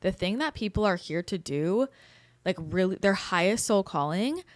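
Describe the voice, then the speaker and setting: A woman's voice: mid-range voice, lively intonation, moderate pace. A woman hosting a podcast as a spiritual channel, talking candidly in casual conversation and swearing now and then.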